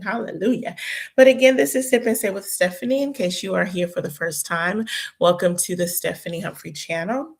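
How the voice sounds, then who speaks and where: A woman's voice: on the low side, creaky. A young woman, hosting a casual live-stream chat, chatty and prayerful, her voice sounding tired. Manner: chatty, prayerful, talks to viewers as y'all. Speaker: host.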